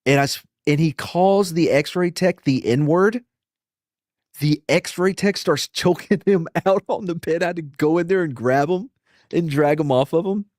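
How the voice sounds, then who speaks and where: Profane man telling animated stories. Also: fairly high pitch, unhurried, no echo, studio quality. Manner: profane, animated anecdotes with acted quotes. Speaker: podcast host. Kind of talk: casual storytelling.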